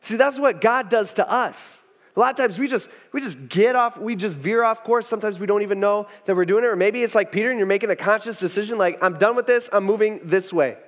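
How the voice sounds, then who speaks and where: In a quick, high voice, a male pastor preaches a loose, rambling sermon peppered with "you know" asides and restarts. A long reverb tail follows him.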